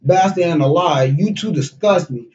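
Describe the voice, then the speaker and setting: A man's voice: a little high, a little mellow, roomy sound, natural voice. Raised, spiteful shrieking wife put on by a man, dull lo-fi stream sound. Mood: furious. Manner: screaming, slow and spiteful. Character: furious betrayed middle-aged wife.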